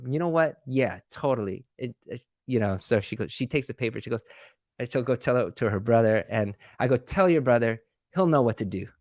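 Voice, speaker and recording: A man speaking as a guest in a webinar, telling a story conversationally and jumping up in pitch when he acts out dialogue, with many fillers and restarts. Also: no room sound, clean studio sound.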